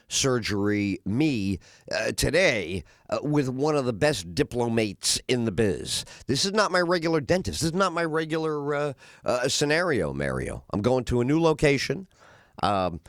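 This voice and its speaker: Lively rambling man talk host. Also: medium pitch, no echo, studio quality. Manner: rambling, animated, acts out voices of others. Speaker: radio talk show host. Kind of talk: casual monologue.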